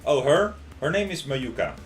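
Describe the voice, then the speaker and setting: A man's voice: on the high side, sing-song, moderate pace, roomy sound, faint music behind. A man streaming live, reading a visual novel aloud in a dry, wry first-person voice.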